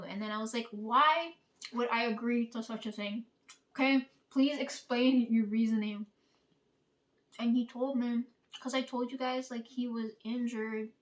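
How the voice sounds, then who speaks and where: A woman telling a story in a casual, chatty way, swearing freely and often breaking into laughter. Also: on the high side. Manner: chatty, profane, laughs while retelling. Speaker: channel host. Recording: voice somewhat distant from mic.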